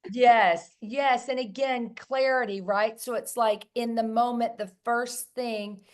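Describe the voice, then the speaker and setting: A woman's voice: a little high, fairly even intonation, slow pace. Emphatic woman hosting a coaching talk. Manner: emphatic, repeats key words. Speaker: host.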